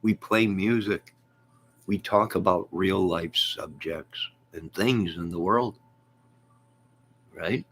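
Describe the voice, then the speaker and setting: A man's voice: sits low, slow, pauses often, fairly bright tone, slight background noise. A man hosting a movie and music channel, chatting casually in a rambling, joking way. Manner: joking, repetitive, laughs often.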